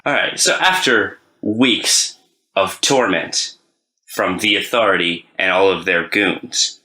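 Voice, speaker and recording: A man on a podcast, telling a story in a lively, animated way. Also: deep voice, takes it slowly, roomy sound. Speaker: podcast player.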